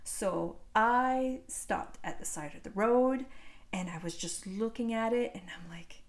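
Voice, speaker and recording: A woman's voice: a little high, unhurried. A woman in her forties, a knitting podcast host, telling a casual story into a phone, rambling with fillers and restarts.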